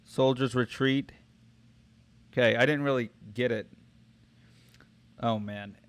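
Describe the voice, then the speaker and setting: A man's voice: mid-range voice, measured pace, a bit bright, smooth. Rambling man thinking aloud. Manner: rambling, thinking aloud, many fillers and restarts. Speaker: streamer testing AI story tools. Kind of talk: casual chat.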